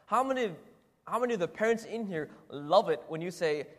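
A man's voice: high-pitched, expressive, a little fast, fairly bright tone. A man preaching a sermon in a church hall, talking conversationally and asking the congregation rhetorical questions. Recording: echoey hall with long reverb.

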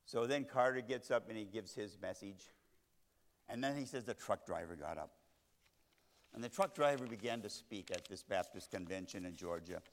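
A man preaching a sermon, swinging between loud emphatic lines and hushed soft ones. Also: fairly low pitch, expressive, moderate pace. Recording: long reverb of a large hall.

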